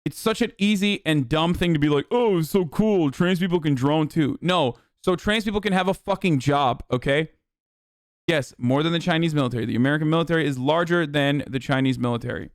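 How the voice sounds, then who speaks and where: A man's voice: fairly high pitch, a little fast, dry recording, studio quality. A man hosting a stream, giving heated, profane casual political commentary. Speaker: streamer host.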